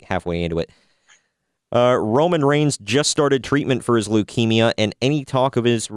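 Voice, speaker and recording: A man's voice: fairly low pitch, a little mellow, clear, resonant tone, no room sound, clean studio sound. A man hosting a casual wrestling news podcast, wry and opinionated, often laughing at his own jokes. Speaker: podcast host.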